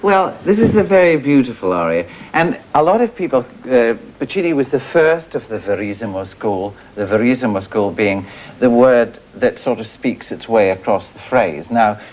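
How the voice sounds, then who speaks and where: A man's voice: mid-range voice, lively intonation, normal speed, hardly any pauses, a little mellow, poor audio. A middle-aged man teaching singing, chatty and encouraging, sometimes singing phrases to show how they go. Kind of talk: coaching singers in a studio class.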